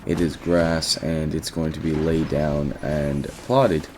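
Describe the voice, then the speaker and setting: A man's voice: extremely low pitch, level tone, takes it slowly, darkish tone, a little hiss or hum. A teenage boy casually telling a rambling story about his day, often quoting himself and restarting his sentences. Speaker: vlogger.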